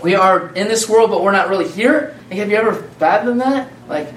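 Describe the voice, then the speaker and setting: A man's voice: high-pitched, animated, quick pace, hardly any pauses, a little hiss or hum. A man preaching an informal sermon to a congregation, talking conversationally with repeated phrases and restarts. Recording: echoey room from far off.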